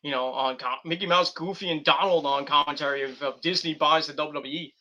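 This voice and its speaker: On a muffled recording, a man with a fairly high, sharp voice and fairly even intonation talks briskly. He reviews a wrestling show in rambling, casual commentary, giggling and restarting sentences.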